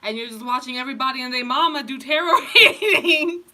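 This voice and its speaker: A woman's voice: high voice, brisk, bright, forceful tone. A woman tarot reader giving a casual pick-a-card reading, rambling, swearing freely and laughing often.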